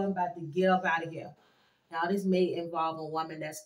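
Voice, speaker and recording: A woman doing a casual tarot card reading for her viewers, animated and chatty, with frequent exclamations. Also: low voice, a little fast. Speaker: tarot reader. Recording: echoey room.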